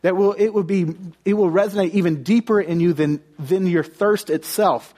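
A man's voice: high-pitched, moderate pace, few pauses, dark tone. A young man from the United States preaching a conversational sermon, telling stories and often restarting his phrases.

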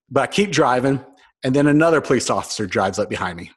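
Husky man preaching with a story. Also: mid-range voice, animated, fast. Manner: storytelling, acts out quoted voices, self-mocking. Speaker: pastor. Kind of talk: sermon with a personal story.

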